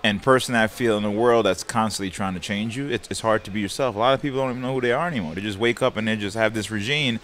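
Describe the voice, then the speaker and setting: A man's voice: lowish voice, fast, few pauses, a bit bright, a little hiss or hum. Blunt, profane man from Jamaica. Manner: blunt and heavily profane, reflective. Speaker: guest fighter. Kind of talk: candid radio interview. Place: radio studio.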